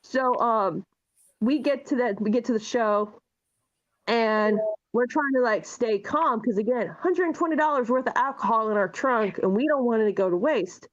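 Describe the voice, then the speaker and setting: A woman co-host telling a long story in casual chat, animated and full of swearing. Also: on the high side, moderate pace. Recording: dull lo-fi sound.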